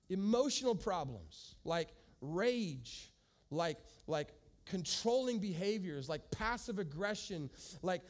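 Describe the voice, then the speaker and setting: High-voiced man preaching emphatically. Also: a little mellow. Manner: emphatic, addresses the congregation directly. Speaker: pastor. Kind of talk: sermon. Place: church service with a congregation.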